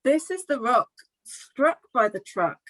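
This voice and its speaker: Over a video call with poor audio, a middle-aged woman leads a children's storytime, reading a picture book aloud. Her high voice is unhurried, animated, expressive and friendly.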